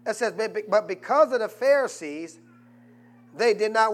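A man pastor preaching a sermon and drawing answers from the congregation, swinging from quiet asides to loud, fervent peaks. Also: sits high, animated, measured pace, pauses often. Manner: rises to loud preaching, asks congregation "what?". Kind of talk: call-and-response sermon.

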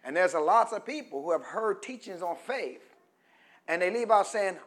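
High-voiced middle-aged male preacher. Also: lively intonation, normal speed. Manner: call-and-response, prompting the congregation to finish phrases; swings between quiet teaching and loud, emphatic preaching. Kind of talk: sermon.

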